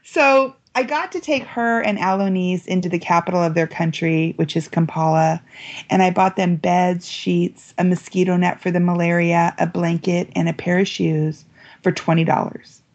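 A woman guest telling a story on an interview podcast, lively and acting out quoted voices. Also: fairly low pitch, moderate pace, dull audio. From United States. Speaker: guest author. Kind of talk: animated storytelling.

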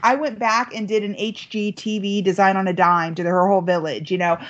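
A woman guest telling a story on an interview podcast, lively and acting out quoted voices. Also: medium pitch, lo-fi sound. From United States. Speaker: guest author. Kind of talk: animated storytelling.

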